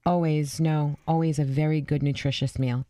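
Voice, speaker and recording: A middle-aged woman co-hosting a radio show in casual banter, chatty and teasing, quick to laugh. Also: low-pitched, flat delivery, dark tone, no room sound. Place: radio studio.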